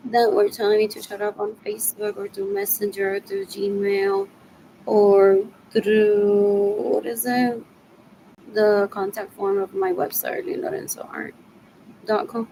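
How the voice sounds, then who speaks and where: Gravelly, agitated woman rambling to camera. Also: mid-range voice, measured pace, dark tone, slight background noise, low-quality recording. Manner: agitated, repetitive, slips between English and Spanish. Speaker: vlogger asking for money. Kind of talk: rambling solo monologue.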